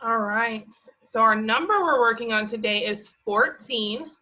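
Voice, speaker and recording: A woman's voice: on the high side, unhurried, pushed and bright, poor audio. A woman teaching young children, walking through a worksheet patiently with a sing-song, encouraging manner. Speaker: preschool teacher.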